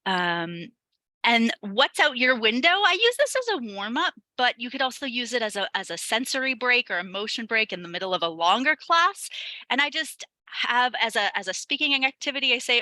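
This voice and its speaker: A bright-voiced woman leads an online teacher-training webinar over a computer mic. She talks in a chatty, upbeat way, full of ums and small laughs. The sound is dry and close, with no room around it. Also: a little high, big pitch swings, normal speed, dry recording, rough recording. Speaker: ESL teacher leading a teacher webinar.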